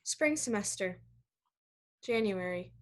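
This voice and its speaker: A woman's voice: mid-range voice, lively intonation, slow. An actress playing an exasperated young woman student trying to keep the peace, in a staged reading over a video call. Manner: exasperated, pleading.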